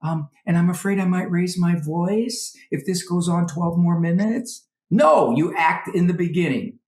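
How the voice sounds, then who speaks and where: His voice is high, and the recording is reverberant. As a guest psychologist, he talks parenting with animation, regularly acting out mothers, fathers and kids in fast voices.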